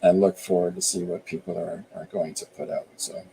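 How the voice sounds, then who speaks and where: The man's voice sits low yet swings hugely in pitch, brisk, warm, and creaky. He's an artist in his fifties hosting his show, casually rambling and explaining his work as he draws live. The low-quality recording has a little hiss or hum.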